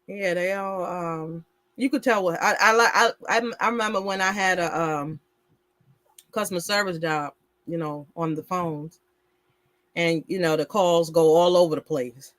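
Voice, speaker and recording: A woman from Brooklyn with a New York accent co-hosting a casual talk show, easygoing and quick to laugh as she reads out viewer comments. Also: lowish voice, fairly bright tone, no echo. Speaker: co-host.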